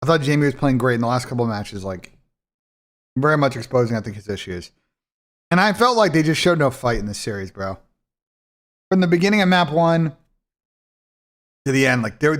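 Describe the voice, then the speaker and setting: A man's voice: mid-range voice, expressive, brisk, long pauses. A man hosting a live esports watch party in casual, blunt, profane talk that rambles and restarts. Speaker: esports streamer and commentator.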